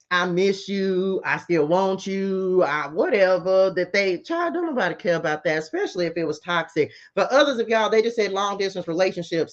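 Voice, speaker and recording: A middle-aged woman, giving a casual tarot reading and talking straight to her viewers in a sassy, chatty way. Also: mid-range voice. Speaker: spiritual tarot reader. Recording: slightly muffled lo-fi audio.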